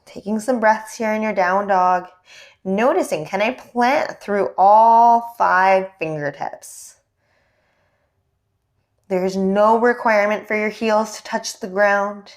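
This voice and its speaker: A young woman teaching a guided yoga class, giving gentle cues and asking encouraging check-in questions as she leads through poses. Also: medium pitch, slow pace. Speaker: yoga instructor.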